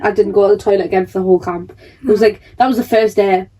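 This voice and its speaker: A woman's voice: medium pitch, steady tone, quick pace, dark tone, breathy edge. A young woman, co-hosting a podcast and retelling funny mishaps in a chatty, dramatic way. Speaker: podcast co-host. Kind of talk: casual chat.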